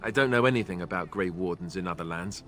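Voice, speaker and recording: Young ex-templar warden in a game, british accent, low-ish voice, dry and a bit self-deprecating, faint music behind. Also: male voice, fast, a bit bright. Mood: wry. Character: young male Grey Warden, former templar, wry. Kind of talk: video game dialogue.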